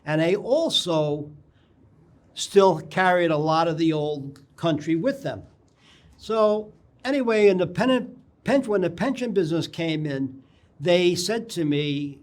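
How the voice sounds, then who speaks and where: An older man, a guest on a local TV interview, telling anecdotes in a rambling way and often clearing his throat. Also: a little high, animated, takes it slowly. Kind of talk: casual interview storytelling. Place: local TV studio.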